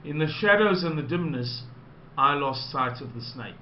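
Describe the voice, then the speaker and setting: A man with a South African accent telling a personal anecdote to listeners, slowly and with digressions. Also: fairly high pitch, expressive, slight background noise. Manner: slow, digressive, unhurried storytelling. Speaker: storyteller. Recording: roomy, dull lo-fi recording.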